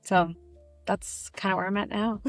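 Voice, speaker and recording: Middle-aged woman, candid interview guest, animated storytelling, dry sound, faint music underneath. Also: mid-range voice, slow pace, dry recording. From Brazil. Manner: animated, emotional storytelling with acted quotes. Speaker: burlesque performer, guest.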